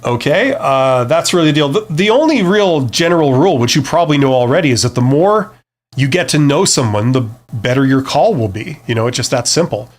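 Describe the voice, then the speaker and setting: A man's voice: mid-range voice, expressive, brisk. A middle-aged man hosting a casual live career Q&A, talking in a rambling, conversational way with lots of fillers and self-deprecating jokes. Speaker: career advice livestream host.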